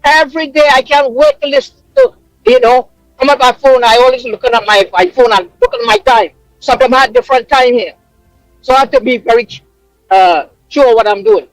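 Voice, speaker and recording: A man's voice: very high-pitched, fairly quick, dry recording, faint music behind, low-quality recording. A man, calling in from abroad to a talk radio show, emotional and preaching with emphatic repetition. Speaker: caller living abroad. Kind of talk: impassioned call-in rant.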